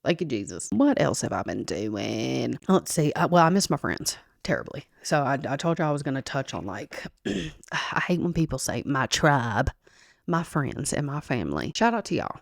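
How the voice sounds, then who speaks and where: A woman's voice: very deep voice, sing-song, normal speed, creaky, no room sound, clean studio sound. A woman hosting a solo podcast, talking casually to her listeners in a chatty, rambling way with frequent laughs. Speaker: podcast host.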